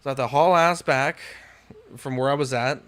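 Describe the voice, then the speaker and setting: A man's voice: mid-range voice, moderate pace, fairly bright tone, smooth. A young man telling a frustrated story on a podcast, swearing often and breaking into exasperated outbursts. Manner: exasperated, swears a lot, rants with rising outbursts. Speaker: podcast co-host. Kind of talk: casual storytelling chat.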